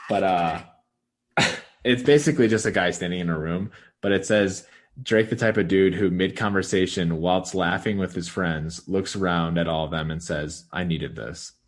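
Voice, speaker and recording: A man's voice: low-pitched, moderate pace. A young man co-hosting a podcast, rambling casually with lots of filler words and frequent chuckles. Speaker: podcast co-host. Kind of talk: casual chat.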